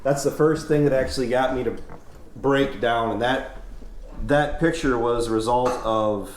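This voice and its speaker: A young man hosts his farm vlog from inside a family house, speaking in a mid-range voice at normal speed. He chats in an easygoing, folksy manner, rambling and restarting, and the indoor sound is roomy with faint noise.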